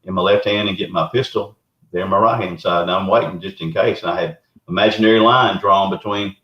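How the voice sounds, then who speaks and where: A man's voice: low voice, brisk. A middle-aged man with a Southern US accent, a Bigfoot researcher and show guest, telling his story in a folksy, rambling way. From Arkansas, US. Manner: folksy, rambling, animated retelling. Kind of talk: casual storytelling. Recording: roomy, dull lo-fi remote audio.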